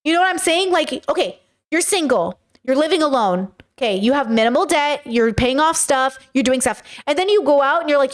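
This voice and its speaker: A woman's voice: high voice, very animated, a little fast. Frank, rambling woman commentator. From United States. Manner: frank and rambling, swears, talks straight to viewers. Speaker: commentator reacting to a reality show. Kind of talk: casual reaction commentary.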